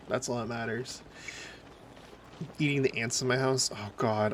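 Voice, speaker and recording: A man's voice: medium pitch, steady tone, measured pace, pauses often, slight background noise. A man with a Minnesotan accent from the northern United States, chatting in a casual, rambling way while streaming a game. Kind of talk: casual live-stream chat.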